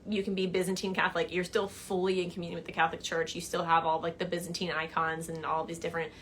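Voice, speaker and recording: A woman's voice: fairly low pitch, level tone, quick pace, fairly bright tone, a little hiss or hum. A woman hosting a casual livestream, answering viewer questions in a chatty way with many "like" and "um" fillers. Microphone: phone or laptop mic on a livestream.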